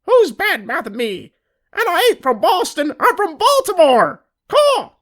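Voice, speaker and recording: A woman doing a squeaky sassy cartoon critter. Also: sing-song, a little slow, full character voice. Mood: cranky. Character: cheeky talking horse puppet, then loud crow.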